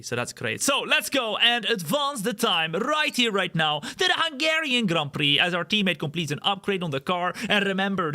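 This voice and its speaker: A man with a bright, forceful, fairly high voice gives energetic gameplay commentary. He talks in an animated way and doubles up words for emphasis. He records in his home studio beside a racing simulator. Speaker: gaming channel host.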